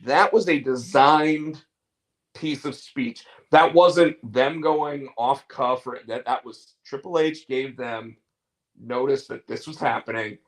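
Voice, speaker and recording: A man co-hosting a casual chat show, excitable, tripping over repeated words and slipping into wrestler impressions. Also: mid-range voice, slow. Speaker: podcast co-host.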